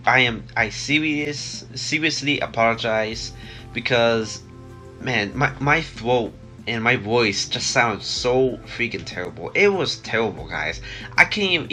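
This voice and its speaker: Young guy with a cold, stuffy nose, bright voice, rambling with lots of ums, faint music under it. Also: medium pitch. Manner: rambling, many fillers and restarts. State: congested from a cold. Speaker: vlogger. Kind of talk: casual rambling vlog.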